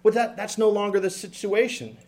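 Preaching to his congregation, a middle-aged man speaks briskly in a voice that sits high. His sermon is animated and joking, with many restarts and humorous asides where he acts out things parents say.

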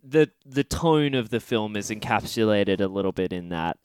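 A man co-hosting a casual film review podcast, throwing in joking, deadpan asides. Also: fairly low pitch, normal speed, clean tone, no echo, clean studio sound. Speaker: podcast co-host.

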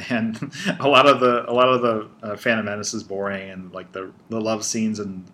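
A man's voice: on the low side, flat delivery, normal speed, bright, forceful tone. A man in casual conversation, rambling with many "like"s and restarts. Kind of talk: casual chat.

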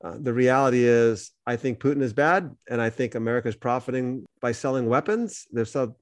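A man's voice: mid-range voice, brisk, dry recording, clean studio sound. A man co-hosting a podcast, talking earnestly and reflectively in a casual discussion. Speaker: podcast co-host.

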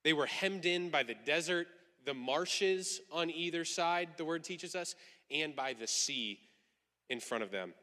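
A man preaching a sermon in an animated way, acting out quoted voices for emphasis. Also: a little high, unhurried, long reverb tail. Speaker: pastor.

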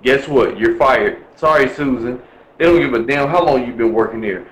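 A man's voice: medium pitch, lively intonation, normal speed, reverberant, poor audio. A man from Milwaukee talking bluntly and profanely in a casual chat, ranting with lots of swearing. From Milwaukee, USA.

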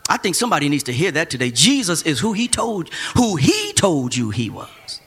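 A man preaching a sermon, building from quiet reading to shouted, drawn-out emphasis. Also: fairly high pitch, very animated, slightly rough. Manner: rising to shouted call-and-response cadence, drawn-out emphasis.

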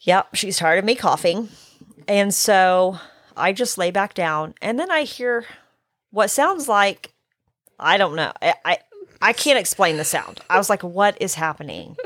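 A middle-aged woman, hoarse from illness, telling a story in casual chat, acting out her own quotes and swearing. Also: medium pitch, sing-song, unhurried, fairly bright tone, no echo, studio quality.

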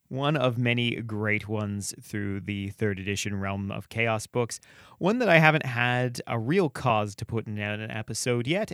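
A man hosting a podcast, reading dark fantasy stories aloud with a measured, expressive delivery and chatting casually between them. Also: on the low side, clear, resonant tone, no echo, studio quality. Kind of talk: storytelling narration and casual commentary.

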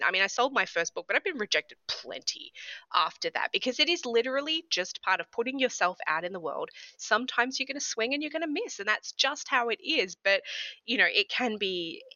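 A woman's voice: mid-range voice, no room sound, lo-fi sound. A woman, a guest author telling her story animatedly in a casual podcast interview. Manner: animated storyteller who acts out her own reactions.

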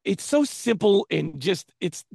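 A man's voice: sits high, big pitch swings, a little slow, creaky, darkish tone, husky, no room sound, clean studio sound. A man co-hosting a podcast, easygoing and teasing in casual chat. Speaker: podcast co-host.

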